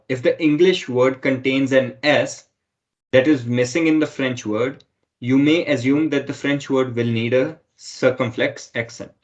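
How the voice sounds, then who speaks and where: A man's voice: medium pitch, muffled recording. A man teaching a French lesson online who explains step by step and keeps repeating himself with "okay".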